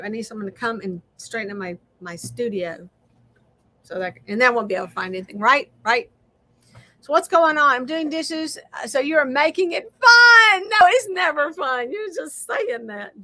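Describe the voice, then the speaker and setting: A woman's voice: a little high, pushed and bright. A middle-aged woman hosting a casual craft livestream, chatting straight to viewers and laughing often.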